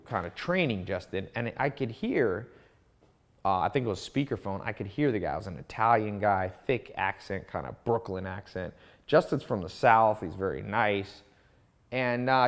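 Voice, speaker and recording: A man teaching a course in a casual monologue, telling stories with lively asides and restarts. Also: on the low side. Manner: storytelling, animated, with asides and restarts. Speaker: course instructor.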